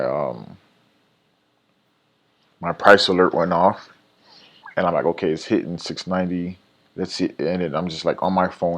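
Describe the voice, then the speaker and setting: A man's voice: deep voice, dull audio. A man recapping his day trades in a casual vlog, rambling and self-critical, with lots of fillers and restarts.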